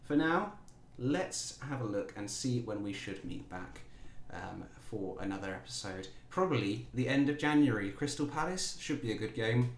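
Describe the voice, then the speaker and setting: A man's voice: medium pitch, animated, moderate pace, few pauses, a little hiss or hum. Jokey man commentating a game. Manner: jokey, playful, talks to his players. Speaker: gaming YouTuber. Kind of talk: casual let's-play commentary. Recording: roomy echo.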